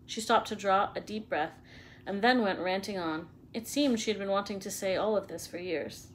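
A woman's voice: mid-range voice, normal speed, a little hiss or hum. A woman reading a children's novel aloud as a storyteller, narrating steadily and expressively.

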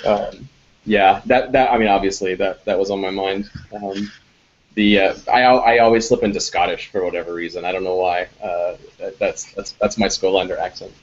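A game designer in a casual live Q&A, answering audience questions with many ums and restarts. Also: male voice, low-pitched, fairly even intonation, normal speed, lo-fi sound.

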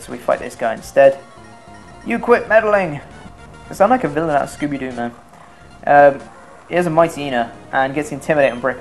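A young man giving casual, self-mocking commentary over his own video game run, swearing freely. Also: mid-range voice. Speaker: let's play commentator.

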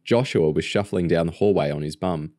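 A man reading a novel aloud as a narrator, in a measured, expressive storytelling manner. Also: deep voice, no room sound, studio quality. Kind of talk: audiobook narration.

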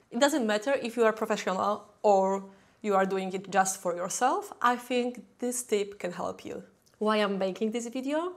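A woman with a Polish accent, a knitwear designer talking casually to her viewers, chatty and a little self-deprecating. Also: medium pitch. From Poland. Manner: chatty, self-deprecating, with small laughs and restarts. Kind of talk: casual tutorial talk to camera.

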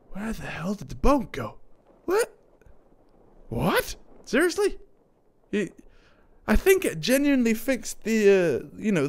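A young man giving casual commentary over gameplay, switching between loud panicked outbursts and low muttering. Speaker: gaming YouTuber.

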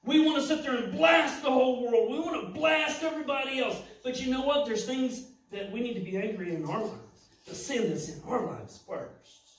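A man preaching a sermon to his church, impassioned and building up to shouting at points. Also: very high voice, normal speed. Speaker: pastor. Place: church sanctuary. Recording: echoey church hall, mic at a distance.

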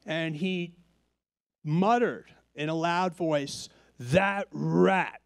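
Man in his fifties, panel guest spinning an anecdote with quoted voices, crisp tone. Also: sits high, no room sound. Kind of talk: storytelling on a panel. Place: conference stage.

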